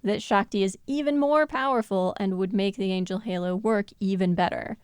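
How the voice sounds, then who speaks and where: A woman's voice: medium pitch, moderate pace, a little mellow, clean tone, no room sound, clean studio sound. A woman co-hosting a podcast, explaining her ideas in thoughtful casual chat and laughing often as she talks. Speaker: podcast co-host.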